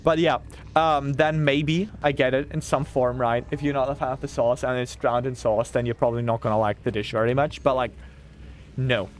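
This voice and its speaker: A young man, chatting casually and ranting excitedly to his chat while streaming a game, swearing freely. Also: medium pitch, moderate pace, a little hiss or hum.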